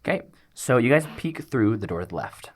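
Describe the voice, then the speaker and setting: A man narrating a tabletop game as game master, pausing often with ums as he describes scenes. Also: mid-range voice, sing-song. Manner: hesitant, many ums while describing scenes.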